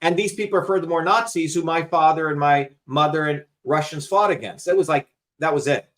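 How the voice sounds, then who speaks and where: A man with a slightly high-pitched voice lectures his guest with insistent emphasis. He explains at length in loose, conversational talk and swears casually along the way. He is the host of the show. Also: brisk, fairly bright tone. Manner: emphatic, lecturing, curses freely.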